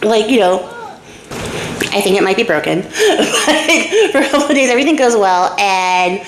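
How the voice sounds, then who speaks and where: A young woman with a mid-range, sing-song voice retells a fairy tale at home at a normal pace, casual and chatty, swearing and acting out the characters' lines with an irreverent streak. She hosts a storytelling and craft channel, and the room sounds echoey.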